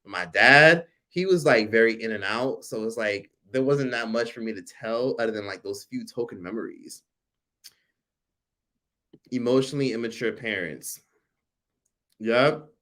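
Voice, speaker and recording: A man in his forties hosting a casual livestream, telling a personal story with animated, profane delivery and reading viewer comments aloud. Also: medium pitch, normal speed, long pauses. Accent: American. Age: 40s. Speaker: livestream host.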